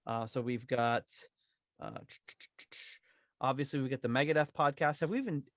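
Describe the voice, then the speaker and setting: A man's voice: mid-range voice, moderate pace, no echo, studio quality. A man co-hosting a podcast in easygoing chat, rambling with many restarts. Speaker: podcast co-host.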